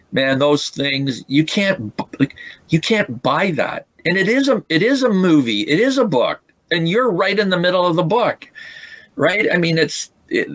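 A man's voice: mid-range voice, fairly bright tone, dry recording. Emotional man telling a story, dry sound. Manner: emotional, halting, many restarts. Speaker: guest. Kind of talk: storytelling in a podcast interview.

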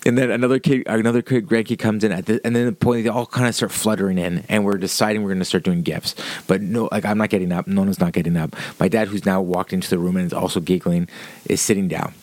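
Low-voiced man rambling through a profane story. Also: steady tone, fast, a little mellow, no room sound. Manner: rambling, profane, with frequent fillers. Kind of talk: casual anecdote telling.

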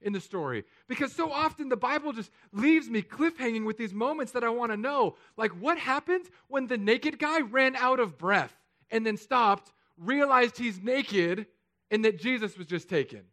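High bright preacher guy, jokey storytelling sermon that goes quiet and serious. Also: moderate pace. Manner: animated, joking storytelling with hushed, solemn turns. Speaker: pastor.

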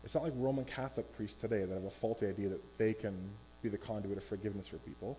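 A man preaching a sermon from a church stage, animated and acting out quoted voices. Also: on the low side, quick pace, highs cut off, a little hiss or hum. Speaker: pastor.

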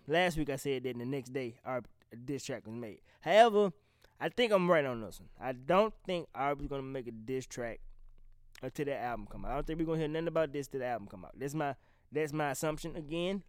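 A man from the American South, talking bluntly and with a lot of swearing in a casual, unscripted commentary, animated and often breaking off mid-sentence. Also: a little high, clear, resonant tone, dry recording, clean studio sound. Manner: blunt, profane, animated, trails off and restarts. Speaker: vlogger reacting to rap beef.

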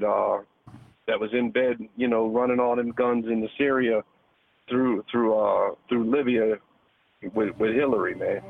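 A man calling in to a talk show, ranting heatedly and profanely, ending phrases with "man" and "dude". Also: medium pitch. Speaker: caller. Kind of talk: heated call-in rant. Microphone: phone. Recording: phone-line audio.

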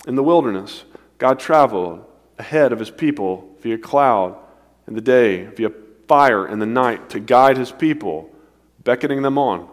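A man's voice: lowish voice, expressive, unhurried. Preaching man in a reverberant hall. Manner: dynamic delivery, swinging between emphatic and hushed. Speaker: pastor. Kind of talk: sermon. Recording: long reverb of a large hall.

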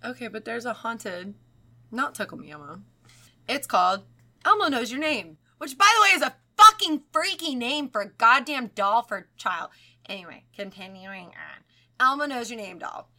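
A young adult woman co-hosting a podcast, telling a creepy story in casual chat, animated and swearing freely. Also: fairly high pitch, moderate pace. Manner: animated, swearing, acts out quoted voices. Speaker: podcast co-host.

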